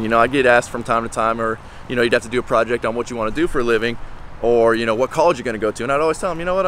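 A man's voice: mid-range voice, a bit bright, slight background noise. A man in his twenties, a contractor, talking candidly and bluntly in a casual vlog, swearing now and then. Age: 20s.

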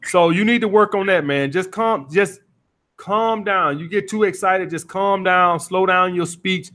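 Pitched high and fairly bright, his delivery is unhurried. On a call-in advice show, this dating coach gives callers blunt lectures, swearing without restraint.

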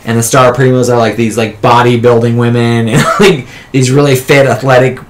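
A man's voice: mid-range voice, flat delivery, brisk. A man co-hosting a casual comic book podcast, rambling through a plot recap with lots of fillers and laughter. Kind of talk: casual chat.

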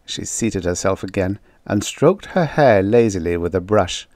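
A man reading a vintage science fiction short story aloud as an audiobook narrator, in a measured storytelling manner. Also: sits low, expressive, darkish tone, no room sound, studio quality.

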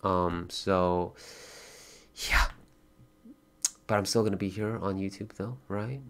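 This livestreamer's voice sits low and moves slowly as he chats casually, thanking viewers and donors, swearing freely, and bursting into excitement at times.

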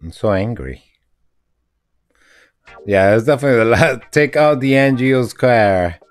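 Excitable man yelling at a driving game. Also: medium pitch, measured pace. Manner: excitable, frustrated, talks to the game. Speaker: gamer streaming a retro driving game. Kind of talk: live gameplay commentary. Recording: noisy with game car sounds.

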